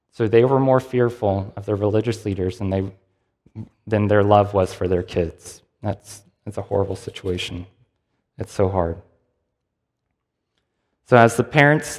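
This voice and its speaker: Conversational male preacher in a reverberant hall. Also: medium pitch. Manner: conversational, lively storytelling with acted-out quotes. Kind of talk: sermon.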